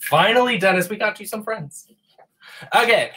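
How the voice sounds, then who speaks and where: A man's voice: high voice, animated, moderate pace, sharp tone, breathy edge. A man co-hosting an arts therapy livestream, chatting in a goofy, rambling, self-mocking way between improvised songs. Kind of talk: playful casual livestream chat with improvised songs.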